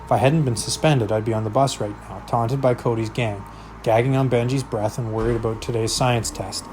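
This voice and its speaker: A man's voice: mid-range voice, steady tone, a little fast, noisy background. A man reading a novel aloud, narrating expressively in the first person. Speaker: reader.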